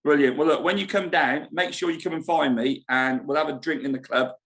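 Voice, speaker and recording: A man's voice: fairly high pitch, a bit bright. Chatty man hosting a casual live stream. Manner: chatty, rambling, quick to laugh. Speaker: show host at a holiday park. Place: foyer of a holiday park club.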